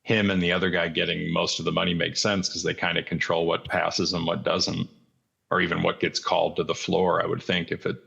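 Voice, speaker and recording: Deep, gravelly podcast guest. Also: male voice, level tone, fairly quick, fairly bright tone, muffled recording. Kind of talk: casual chat.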